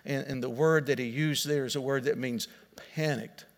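A man's voice: mid-range voice, steady tone, moderate pace. A male pastor preaching a sermon in an earnest, explaining way, often restarting and repeating words. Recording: long hall reverb.

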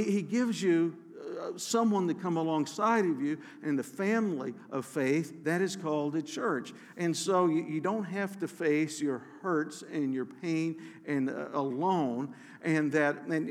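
A man preaching a sermon as pastor, earnest, restarting phrases and slowing to a hushed emphasis on key words. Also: on the high side, creaky, in a large hall. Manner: earnest, with many restarts and soft slowed emphasis.

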